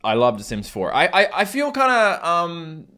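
A Newfoundland YouTuber with a Newfoundland accent answers fan questions in a casual, rambling chat, poking fun at himself and filling his talk with fillers and restarts. His voice is slightly high and bright, with big pitch swings, a forceful tone, and a normal pace.

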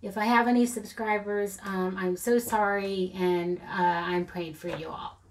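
A middle-aged woman who hosts a craft channel chats casually through a haul vlog, rambling and often giggling at herself in a self-deprecating way. Her voice is mid-range, with fairly even intonation and a measured pace.

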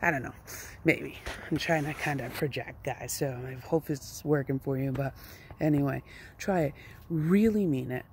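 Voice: medium pitch, normal speed, a little hiss or hum. A self-help vlogger speaking outdoors at a rural home, giving an earnest, playful, coaxing motivational talk.

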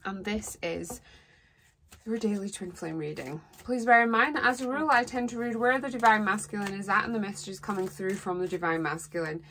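Earnest woman, bright voice. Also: mid-range voice, brisk, a little hiss or hum. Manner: earnest, rambling, heartfelt. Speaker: psychic tarot reader. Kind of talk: solo tarot reading monologue.

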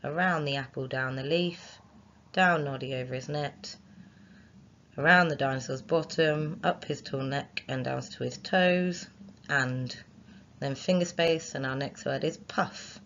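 A woman's voice: very deep voice, a little slow, a bit bright, lo-fi sound, slight background noise. A woman, a primary school teacher giving a recorded phonics lesson to young children, sounding out letters and chanting rhymes for writing them.

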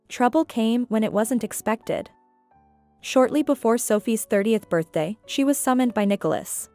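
Woman narrating a story, fairly high voice. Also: darkish tone, dry recording.

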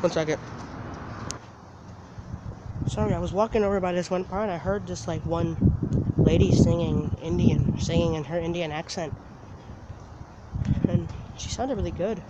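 A man casually telling a story for his vlog outdoors, animated and laughing, swearing now and then. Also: a little high, normal speed, pauses often, highs cut off. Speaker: vlogger. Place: outdoors, walking in the open. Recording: outdoor noise from traffic.

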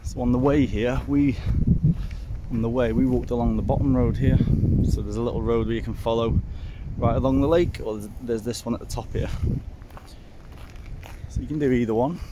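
A man's voice: mid-range voice, fairly even intonation, normal speed. Welsh guy talking to his phone on a hike, out of breath, lots of wind behind. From Wales. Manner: chatty, self-mocking, keeps calling viewers folks. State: out of breath from climbing. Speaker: hiking vlogger. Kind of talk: casual vlog narration while hiking. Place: outdoors on a hillside trail. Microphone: handheld phone. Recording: outdoor wind and ambient noise.

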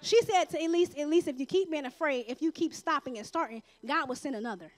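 A woman preaches a testimony in a church sanctuary. Her voice sits very high, and she talks to the congregation in a lively, conversational way, slipping into acted-out dialogue. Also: fast talker. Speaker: church member giving testimony. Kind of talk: testimony sermon from the pulpit.

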